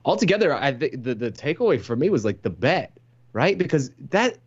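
A man's voice: mid-range voice, fairly quick, slightly rough. Joking man, dull lo-fi audio. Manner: animated, joking, restarts mid-sentence. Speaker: podcast co-host. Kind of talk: casual chat.

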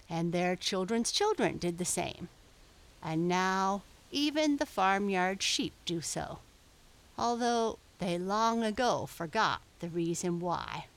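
A woman narrating a children's animal story in a gentle, measured storytelling manner. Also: lowish voice.

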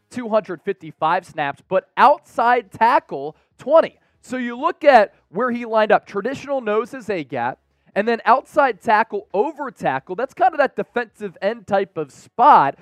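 A man hosting a football analysis show, talking with energetic hype straight to the fans. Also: sits high, no echo. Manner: energetic and hyped, addresses the fans directly. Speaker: sports show host.

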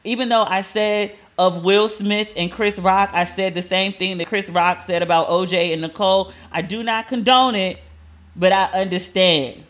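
Animated woman in her forties riffing. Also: medium pitch, normal speed. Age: 40s. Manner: animated, acts out quotes in different voices. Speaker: podcast host. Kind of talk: casual solo commentary.

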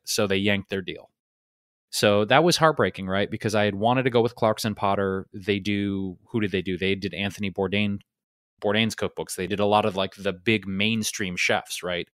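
Podcast co-host, man, lowish voice, dry close sound, loose storyteller. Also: no room sound. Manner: relaxed, rambling, many fillers. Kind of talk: casual storytelling.

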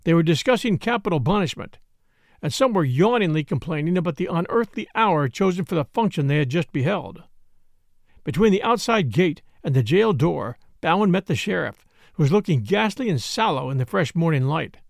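A man reading a classic story aloud as an audiobook, in a measured way. His voice is high and gravelly and moves widely in pitch. The recording is close and dry. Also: sing-song, no room sound. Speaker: narrator.

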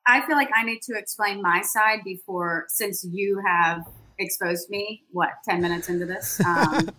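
A woman telling a lively, self-deprecating story in a casual podcast chat. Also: medium pitch, unhurried, rough recording. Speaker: sideline reporter guest.

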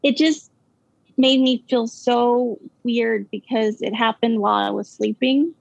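A woman with a fairly high, fry-tinged voice recounts a ghost story, stopping and restarting with plenty of fillers. The sound is dull and lo-fi, with a close, dry room. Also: steady tone, no echo. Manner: halting, filler-heavy, nervous laughs. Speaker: caller telling a ghost story. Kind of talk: casual storytelling.

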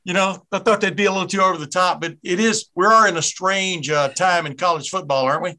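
A man's voice: high voice, quick pace, bright, forceful tone. A middle-aged man with a Southern US accent hosting a podcast, chatty and rambling, often breaking off mid-thought. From American South. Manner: rambling, chatty, self-interrupting. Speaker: podcast host. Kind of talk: casual podcast interview.

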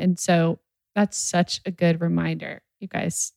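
A woman chatting about kids in a lively, animated way. Her voice is somewhat low, recorded dry and close. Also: measured pace, creaky, no echo. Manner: lively, acts out kids' voices, laughs. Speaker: podcast co-host. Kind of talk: casual chat.

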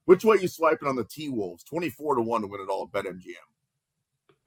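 A man's voice: mid-range voice, big pitch swings, a little fast, breathy edge, no echo. A man hosting a sports betting podcast who jokes around and reads out betting odds. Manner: jokey, plugs betting odds. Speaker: podcast host.

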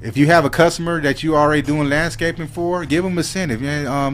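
A man's voice: on the high side, quick pace, few pauses. Laid-back slang-heavy man chatting. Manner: laid-back street slang, animated when excited. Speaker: social media creator, podcast guest. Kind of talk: casual podcast chat.

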